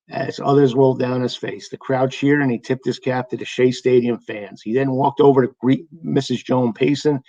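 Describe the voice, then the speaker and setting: A man's voice: medium pitch, a little mellow, dry recording, highs cut off. A man, hosting a baseball history show, retelling an old game as an enthusiastic storyteller and reading the lineups in a sing-song way. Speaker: baseball history podcast host. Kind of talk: scripted retelling of a past game.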